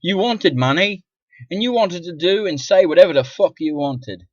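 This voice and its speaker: A middle-aged man vlogging an indignant, profane rant to camera, dropping to mutters and then bursting out loudly. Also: sits high, lively intonation, moderate pace, no echo. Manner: profane, indignant, swings from muttering to loud outbursts. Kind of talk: ranting monologue to camera. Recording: dull lo-fi dry sound.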